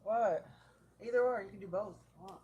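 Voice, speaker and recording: A soft-spoken woman talks casually as she decorates cakes at home. Her voice sits in the middle of the range and she drops in the odd curse. A steady hiss of noise runs under her home livestream. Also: medium pitch, brisk, lo-fi sound. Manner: soft-spoken, self-critical, swears casually. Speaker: streamer. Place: home kitchen.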